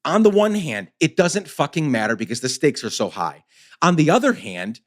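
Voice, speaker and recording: A man's voice: fairly high pitch, big pitch swings, fairly quick. A man hosting a podcast who speaks with passion and urgency, pressing his points emphatically. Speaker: podcast host. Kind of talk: casual conversation.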